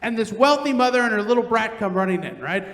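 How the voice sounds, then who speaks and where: High-voiced man doing stand-up in a theater. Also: fast. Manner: loud, animated storytelling with acted-out quotes. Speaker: stand-up comedian. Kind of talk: stand-up comedy set. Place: large theater stage. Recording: roomy theater with long reverb.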